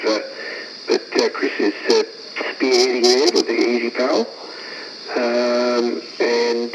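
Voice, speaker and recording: A man speaking in a measured, hesitant way on an amateur radio net. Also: medium pitch. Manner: measured, hesitant, many pauses. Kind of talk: casual amateur radio chat. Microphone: ham radio transceiver mic. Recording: noisy radio transmission.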